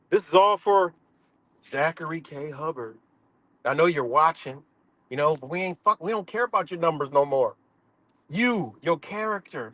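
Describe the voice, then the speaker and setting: A man's voice: high voice, a bit bright, dry recording. A man hosting a livestream, ranting in an aggressive, profane and mocking way. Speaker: livestream host.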